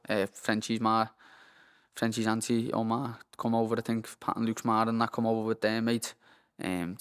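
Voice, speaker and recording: A man's voice: mid-range voice, smooth. A young man with a Liverpool accent, a professional boxer chatting as a guest in a rambling, sweary way and saying "lad" constantly. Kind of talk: casual interview chat. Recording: long hall reverb.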